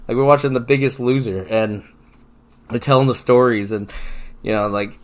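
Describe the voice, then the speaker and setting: A man's voice: medium pitch, normal speed. A man co-hosting a podcast, telling crude comic stories in casual chat and laughing often through them. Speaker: podcast co-host.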